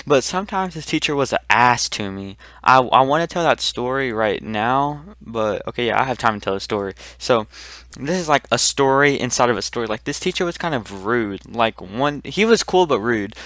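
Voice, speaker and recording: A teenage boy rambling through a casual storytime vlog, full of "like" and restarts, getting louder and higher when he gets excited. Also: clean tone, no room sound. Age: teens. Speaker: vlogger.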